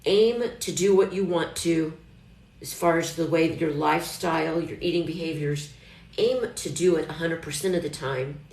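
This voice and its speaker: A woman's voice: on the low side, darkish tone. A middle-aged woman chatting casually on a live stream, rambling and reassuring herself as she talks. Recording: echoey room.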